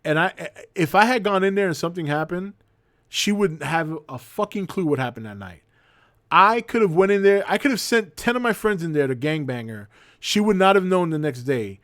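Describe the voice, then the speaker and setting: A man's voice: high voice, normal speed, dry recording, studio quality. Profane storytelling man in his forties. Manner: profane, animated anecdote telling. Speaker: host. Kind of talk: casual storytelling on a livestream.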